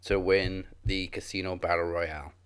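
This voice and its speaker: A man with a fairly low voice co-hosting a podcast. He talks in a relaxed, casual way, giving his opinions plainly. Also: normal speed, smooth. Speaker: podcast co-host.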